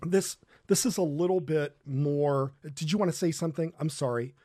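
A man hosting an online faith talk show, speaking earnestly and pausing on fillers. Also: fairly high pitch, warm tone, no room sound, studio quality. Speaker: host.

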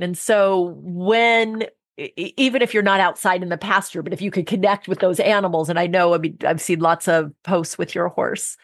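A woman's voice: fairly low pitch, no echo, clean studio sound. A woman co-hosting a podcast, musing thoughtfully in conversation. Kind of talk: reflective conversation.

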